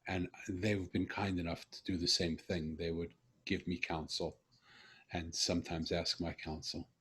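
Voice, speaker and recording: A man with a very low, husky voice tells a long personal story to a guest. He speaks earnestly and reflectively, pausing and restarting as he searches for the right words. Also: flat delivery, fairly bright tone. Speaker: host. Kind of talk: conversational storytelling.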